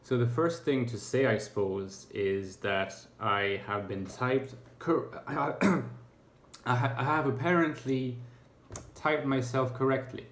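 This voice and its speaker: A man's voice: mid-range voice, takes it slowly. A man talking to camera in a reflective, casual monologue, thoughtful and hesitant, with many fillers and restarts. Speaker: YouTuber. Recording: echoey room.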